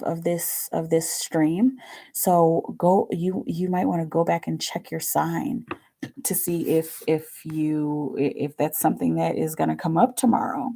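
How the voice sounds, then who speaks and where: Slow, gravelly-voiced woman tarot reader. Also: fairly low pitch, dark tone, low-quality recording. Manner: slow, halting, repeats words, murmurs and whispers to herself. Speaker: tarot reader hosting a live stream. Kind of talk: casual live-stream chat.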